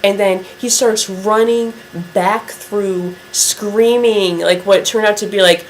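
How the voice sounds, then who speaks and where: A woman vlogger tells a story to camera at an unhurried pace. Her talk is chatty and drawn out, full of "like." Her pitch sits mid-range, with a faint hiss behind her. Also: steady tone, rough recording. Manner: chatty, drawn-out telling with many "like" fillers.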